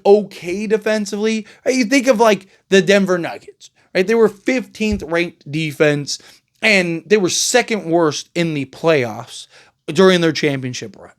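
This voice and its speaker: A man with a fairly high speaking voice riffs through casual basketball commentary as a show host. He talks in a loose, conversational way, stumbling into restarts and tossing in "right?" to keep the listener with him. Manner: conversational, many fillers and restarts, rhetorical "right?" tags. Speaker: sports podcast host.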